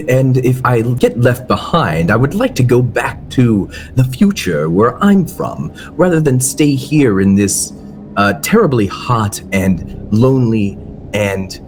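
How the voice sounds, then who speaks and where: Man as a polite old man lost in time, hesitant, slow and halting, low voice with lively pitch. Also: a little hiss or hum. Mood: earnest. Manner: hesitant, polite, many fillers. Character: elderly man from the future, the witch's polite son.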